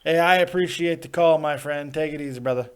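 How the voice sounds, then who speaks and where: His voice is a little high and smooth, and he talks fairly quickly. The podcast host reviews wrestling live in a ranting, laugh-filled, swear-heavy style while a cold sets in and clogs his ears.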